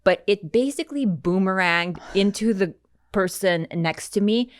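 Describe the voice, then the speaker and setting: A woman's voice: mid-range voice, unhurried, dry recording, studio quality. A woman in her thirties co-hosting a podcast, telling a story in rambling casual chat, full of ums and swearing. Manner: rambling, hesitant with many ums, swears freely. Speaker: podcast co-host.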